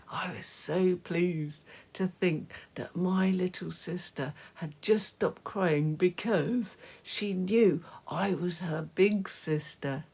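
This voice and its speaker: A woman reading a children's story aloud, slow and gentle, dropping to soft whispers at times. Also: fairly low pitch, gravelly, breathy edge. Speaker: storybook reader.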